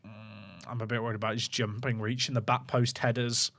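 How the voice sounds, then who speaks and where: A man's voice: lowish voice, flat delivery, brisk, vocal fry, a bit bright. A man chatting casually to viewers while he plays a football management game on stream, thinking aloud. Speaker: gaming streamer. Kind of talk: casual livestream commentary.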